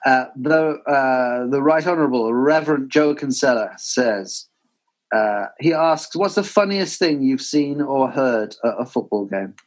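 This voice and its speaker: A man's voice: medium pitch, animated, a little slow, rough recording. A man, co-hosting a football podcast and telling funny anecdotes in a casual chat. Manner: anecdotal, laughing. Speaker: podcast co-host.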